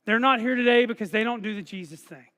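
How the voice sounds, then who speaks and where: A man preaches in a high voice, earnest and urging, swelling into loud repeated calls. His sermon carries a long hall reverb from a church livestream. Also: quick pace. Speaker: pastor. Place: church sanctuary.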